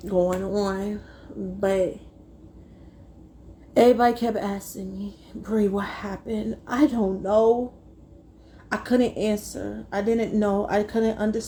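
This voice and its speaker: Tearful woman with a gravelly voice. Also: medium pitch, fairly even intonation, dark tone, a little hiss or hum. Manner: tearful, halting, addresses viewers as y'all. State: close to tears. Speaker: vlogger. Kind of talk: emotional personal storytime.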